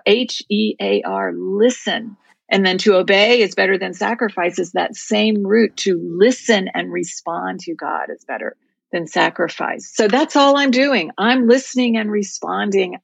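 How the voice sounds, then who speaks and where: Gravelly husky woman telling a heartfelt story. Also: medium pitch, no room sound. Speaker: interview guest. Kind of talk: storytelling in a faith interview.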